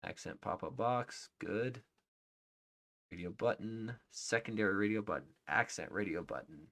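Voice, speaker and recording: A man live-streaming his coding, reading out names as he checks them and thinking aloud, often trailing off into quiet murmurs. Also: lowish voice, moderate pace, vocal fry. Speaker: livestreaming software developer. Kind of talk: casual live-coding commentary.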